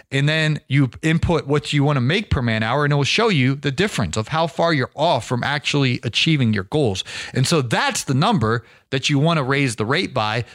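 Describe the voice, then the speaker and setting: Man, middle-aged, podcast host, energetic, folksy, repeats himself, dry close sound. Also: medium pitch, dry recording. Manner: energetic, folksy, repeats words while restarting. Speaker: podcast host and business coach. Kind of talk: casual podcast monologue.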